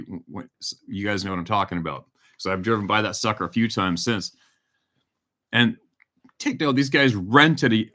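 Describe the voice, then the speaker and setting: Bright-voiced man chatting on a livestream. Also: lowish voice. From Canada. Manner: reads out viewer locations, swears casually, tells stories. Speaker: hunting show host on a livestream. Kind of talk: casual live-stream chat.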